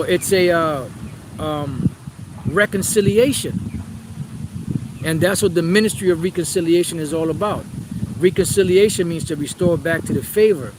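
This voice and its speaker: A man's voice: a little high, noisy background. A man teaching from the Bible in a preaching style, reading verses aloud and then explaining them with rhetorical questions and repeated phrases.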